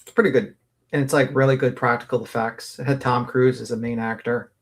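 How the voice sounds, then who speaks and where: A man co-hosting a casual gossip livestream, crude and slangy, quick with jokes. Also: medium pitch, steady tone. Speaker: livestream co-host.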